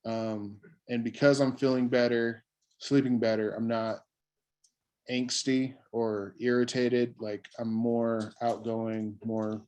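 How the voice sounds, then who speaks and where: A man giving a casual personal testimony on a call, laid-back and halting, with many fillers. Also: mid-range voice, level tone, darkish tone, clear, resonant tone. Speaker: guest sharing a testimonial.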